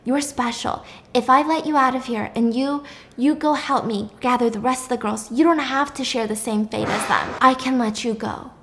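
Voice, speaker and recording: A woman voicing a scheming male doctor who talks softly and persuasively to a captive girl. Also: a little high, normal speed, a little hiss or hum. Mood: coaxing.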